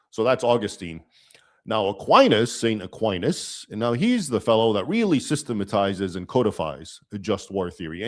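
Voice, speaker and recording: A man hosting a livestream, explaining in a lecturing manner and often checking in with "okay?". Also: fairly low pitch. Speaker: livestream host.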